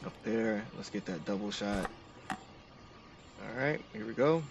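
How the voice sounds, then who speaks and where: A man's voice: on the low side, lively intonation, slow, vocal fry, recorded from a distance, lo-fi sound, noisy background. A man narrating each step of a game to his stream chat in an upbeat, casual way.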